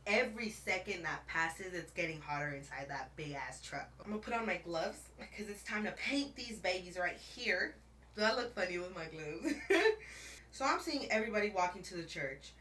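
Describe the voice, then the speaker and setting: A woman's voice: lowish voice, animated, normal speed, bright, forceful tone, echoey room, far from the mic, slight background noise. A woman vlogger telling a dramatic story in a casual chat, laughing often and calling the viewer bestie while she paints her nails.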